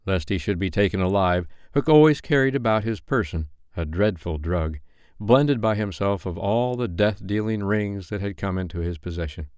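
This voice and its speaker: A man reading a classic novel aloud as a bedtime story, with expressive, dramatic delivery. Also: low-pitched, clean tone, no room sound, clean studio sound.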